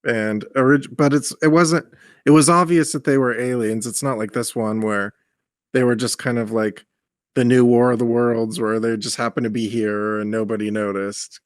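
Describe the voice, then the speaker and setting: A man co-hosting a casual movie-review podcast. He talks in animated, long run-on explanations. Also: mid-range voice, moderate pace, no room sound, studio quality. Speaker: podcast co-host.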